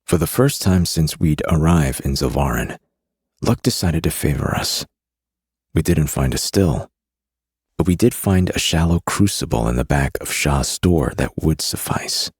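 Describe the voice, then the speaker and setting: A man narrating a dark fantasy audiobook in the first person, with a steady, grim delivery. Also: very deep voice, unhurried, slightly rough, dry recording, clean studio sound.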